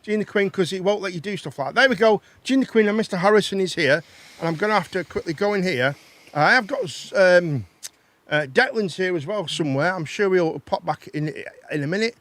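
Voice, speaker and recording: A man's voice: high voice, animated, brisk, fairly bright tone. A man hosting a live chat show and phone-in, chatty and teasing, and he laughs often. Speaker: host.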